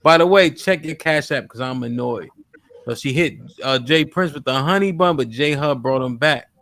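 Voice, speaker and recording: A man's voice: medium pitch, moderate pace, a bit bright, no room sound, studio quality. A man hosting a live-stream talk show, casually reading out donor messages and questioning a caller. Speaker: podcast host. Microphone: studio mic.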